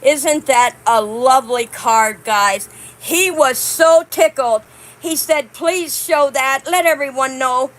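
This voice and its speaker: A woman hosting a casual vlog, chatting with her viewers and reading cards aloud in a warm, drawn-out way. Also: high voice, rough recording. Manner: warm, reads cards aloud slowly, chatty asides to "guys". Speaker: channel host.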